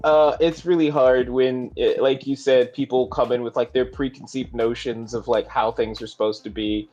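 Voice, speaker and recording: A man co-hosting a tabletop gaming talk show, speaking in a thoughtful, measured way. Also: medium pitch, fairly even intonation, a little mellow, muffled recording, faint music behind. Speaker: podcast co-host. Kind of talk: casual chat.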